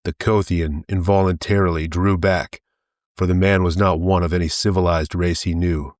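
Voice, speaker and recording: Deep-voiced male audiobook narrator. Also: level tone, normal speed, a little mellow, no echo, studio quality.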